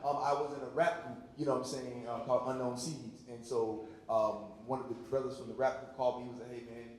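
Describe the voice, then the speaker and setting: A man's voice: flat delivery, fast. A man, an actor and teacher on a panel, telling a story to a live audience in a loose, conversational way with lots of fillers. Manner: loose and conversational, full of fillers and repeated words. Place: large hall at a community event. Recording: very echoey hall with faint rumble.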